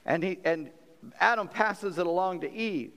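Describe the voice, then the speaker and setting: A man's voice: high-pitched, normal speed, a bit bright. A man from South Carolina, preaching a sermon in a folksy, conversational way as pastor. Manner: folksy, conversational preaching with laughs and acted quotes. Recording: long hall reverb.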